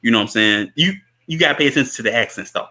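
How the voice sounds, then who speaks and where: Man, casual movie recap, rambling, laughs a lot, bright tone. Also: mid-range voice, very fast. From Chicago. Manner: rambling, laughs often, many fillers. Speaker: host.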